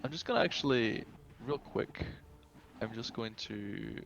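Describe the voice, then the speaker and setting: A man's voice: medium pitch, animated, unhurried, creaky, a bit bright, lo-fi sound, a little hiss or hum. A man running a tabletop game over voice chat, narrating in a rambling, casual way with lots of fillers and swearing. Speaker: game master. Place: home, online voice chat.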